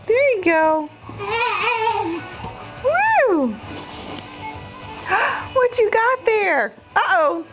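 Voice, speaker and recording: A mother talks to her baby indoors in a very high, swooping baby-talk voice, cheering and cooing. She speaks slowly and drawn out. The home video sounds muffled and lo-fi, with music playing clearly in the background. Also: big pitch swings.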